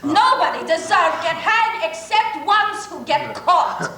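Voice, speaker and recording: A woman's voice: very high-pitched, big pitch swings, slow pace, sharp tone, exaggerated voice. An actress playing a young immigrant woman who scolds and teases her sweetheart in broken English, in a live stage play. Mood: scolding tenderly. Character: young immigrant woman, sweetheart, sharp-tongued but tender. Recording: echoey theater recording with hiss.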